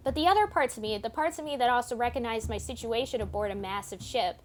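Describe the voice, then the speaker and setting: A woman's voice: on the high side, fast talker, slight background noise. Woman reading a visual novel aloud. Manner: expressive reading with casual asides. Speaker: streamer playing a visual novel. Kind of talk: reading a story aloud with asides.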